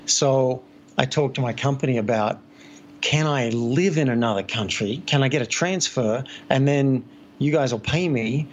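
A man's voice: medium pitch, moderate pace, highs cut off, slight background noise. A man from Australia whose accent is blended with American, a coach talking through his story easily as a podcast guest. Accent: Australian mixed with American. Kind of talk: conversational podcast interview.

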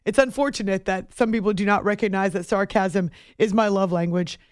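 A woman's voice: mid-range voice, steady tone, brisk, darkish tone, clean tone, no echo, clean studio sound. A woman hosting a late-night sports radio show, talking casually with sarcastic, self-mocking asides. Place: radio studio. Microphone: studio microphone.

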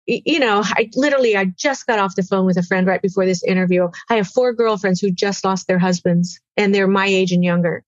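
A woman in her sixties giving an earnest personal testimony as an interview guest, halting and tearful at times. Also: mid-range voice, no echo, lo-fi sound.

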